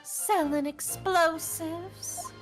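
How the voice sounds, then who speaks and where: A woman's voice: very high voice, steady tone, extremely slow, faint music behind, heavily acted. A woman voicing a scheming young woman who sells fireworks, with a Southern twang and a sly, boastful manner, as she reads game dialogue aloud.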